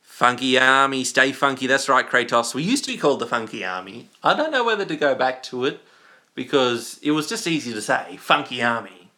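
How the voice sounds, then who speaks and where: A man's voice: medium pitch, expressive, brisk, pushed and bright. A young Australian man hosting a casual livestream, reading viewer comments and rambling in a goofy, playful way. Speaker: livestream host.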